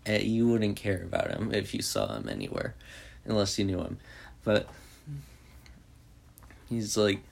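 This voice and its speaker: A man's voice: on the low side, big pitch swings, unhurried, vocal fry, pauses often. A man casually recapping a movie in a rambling way, full of "like" and restarts. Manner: rambling, heavy use of "like". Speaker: movie reviewer.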